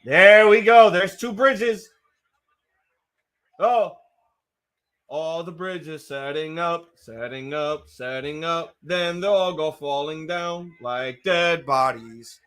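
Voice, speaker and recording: A man hosting a live wrestling watch-along, reacting with excitable, profanity-laced outbursts while his voice gets strained. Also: a little high, takes it slowly. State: voice getting strained.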